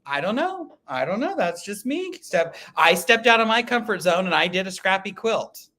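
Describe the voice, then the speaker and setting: Guy rambling on his quilting livestream, bright kinda high voice, laughs a lot, reads comments. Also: normal speed. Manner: chatty, animated storytelling, laughs often, reads live comments. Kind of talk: casual livestream chat.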